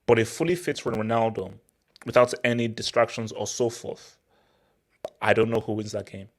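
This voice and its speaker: A young man from Nigeria hosting a casual football talk, excitable and prone to repeating words as he restarts his sentences. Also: fairly low pitch, normal speed. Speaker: football channel host. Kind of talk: casual football commentary monologue.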